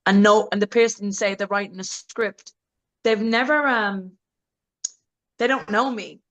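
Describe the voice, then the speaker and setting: A woman's voice: unhurried, fairly bright tone, low-quality recording. Woman, interview guest; blunt, frank, laughs a lot, breaks into mocking impressions. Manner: blunt, laughing, mimics voices with big pitch jumps. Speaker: interview guest, adult film actress. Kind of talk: candid casual interview.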